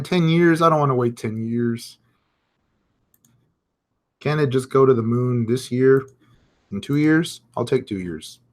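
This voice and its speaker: Chatty man hosting a crypto live stream. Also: mid-range voice. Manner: chatty, reads viewer comments aloud, thinks out loud with fillers. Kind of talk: casual live chart commentary.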